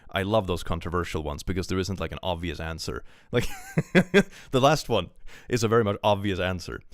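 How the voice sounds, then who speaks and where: Deep-voiced man chatting on a stream. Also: lively intonation, normal speed, no room sound, clean studio sound. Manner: chatty, rambling, laughs often, reads posts aloud. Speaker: streamer reacting to online posts. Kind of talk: casual live-stream commentary.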